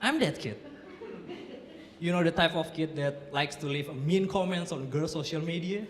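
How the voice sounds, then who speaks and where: A young man with an Indonesian accent doing a stand-up comedy set, telling dark jokes with deadpan timing. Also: normal speed, a little hiss or hum. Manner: deadpan delivery of dark jokes, lively swings in pitch. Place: comedy club stage before a laughing audience. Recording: roomy club echo with audience laughter.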